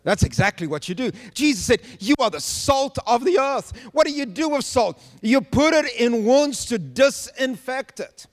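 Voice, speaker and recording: A man preaching a sermon to a congregation, animated and humorous, often laughing as he tells stories. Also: fairly high pitch, long reverb tail. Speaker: pastor.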